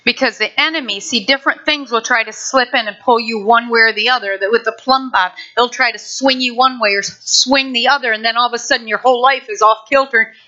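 A woman pastor preaching a sermon in a lively, conversational way with playful asides to her congregation. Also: a little high, a little fast, few pauses, highs cut off. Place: church sanctuary.

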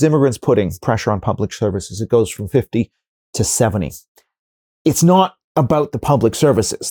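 Dry, mellow-voiced man explaining arguments. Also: medium pitch, no echo. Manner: explanatory, builds arguments with examples and hypotheticals; frequent restarts and fillers while thinking. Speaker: interview guest, professor. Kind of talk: conversational interview answers.

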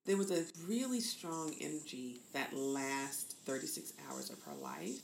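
A woman's voice: extremely low pitch, big pitch swings, a little slow, creaky. A woman in her fifties from the American South, speaking candidly as a podcast guest and acting out the voices she quotes. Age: 50s. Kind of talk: reflective conversation. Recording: echoey room with faint noise.

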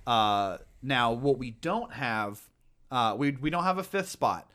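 A man's voice: mid-range voice, slow pace. A man co-hosting a casual podcast chat, telling stories animatedly about scary films. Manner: animated storyteller, lots of fillers and restarts. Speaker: podcast co-host.

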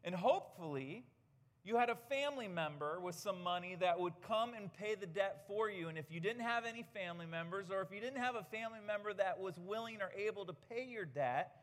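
A pastor preaches a sermon, driving his points home with earnest, emphatic rhetorical questions. His voice sits a little high for a man and moves at normal speed, ringing with the long reverb of a church hall.

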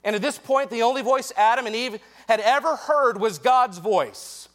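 A man preaching a sermon to a youth group, lively and jokey with quick asides, speaking straight to the young listeners. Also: very high-pitched. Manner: directly addresses young listeners.

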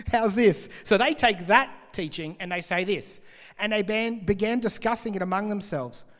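A man preaching in a big hall, his voice trailing off in a long reverb. He speaks a little higher than most men and keeps a lively, conversational style as he explains scripture. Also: moderate pace. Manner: conversational and animated, laughing between points. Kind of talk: sermon, reading and explaining scripture.

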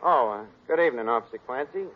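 An actor playing a brash, wisecracking male tavern manager who talks fast and mangles his grammar, in 1940s radio sitcom acting. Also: mid-range voice, expressive, natural voice. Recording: lo-fi 1940s radio broadcast, studio audience laughter, hiss.

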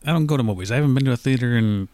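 A man's voice: mid-range voice, racing, darkish tone. A man in casual chat, giving blunt, dismissive opinions.

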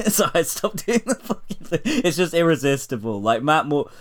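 A man's voice: a little high, animated, moderate pace. A man co-hosting a podcast, chatting casually, swearing a lot and breaking into laughter as he retells stories. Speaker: podcast co-host. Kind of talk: casual chat.

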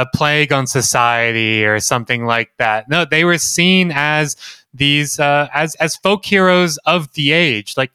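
A man with a bright, crisp voice co-hosts a casual podcast chat. He stresses his points by saying them again and again. The sound is close and dry. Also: medium pitch, no room sound. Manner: emphatic, repeats key points. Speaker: podcast co-host.

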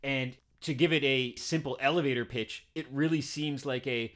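A man co-hosting a casual film podcast, chatty and enthusiastic as he pitches this week's screenings. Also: fairly even intonation, moderate pace, fairly bright tone. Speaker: podcast co-host, cinema programmer. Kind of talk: casual chat.

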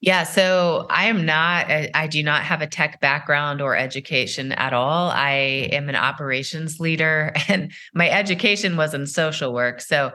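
A middle-aged woman, a company founder, giving measured, explanatory answers in a podcast interview, with many "uh"s and "you know"s. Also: low voice, sharp tone.

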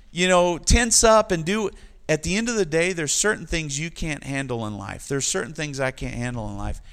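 A man's voice: on the high side, a bit bright. A man preaching a sermon, reading scripture aloud with rising emphasis and dropping into light joking asides to the congregation. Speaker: pastor.

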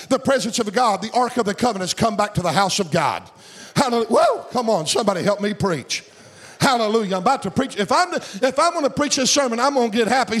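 Male pastor, high voice, fervent revival sermon with shouted peaks and a sing-song lilt.

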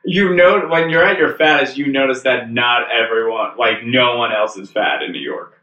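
A man's voice: mid-range voice, moderate pace, pushed and bright, highs cut off. A man who is a stand-up comic guest, chatting casually, blunt and profane, laughing often. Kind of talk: casual chat. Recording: roomy echo.

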